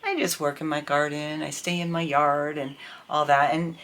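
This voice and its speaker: A middle-aged woman talking candidly to camera in a casual vlog, telling an indignant, animated story about her life. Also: deep voice, moderate pace. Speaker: vlogger.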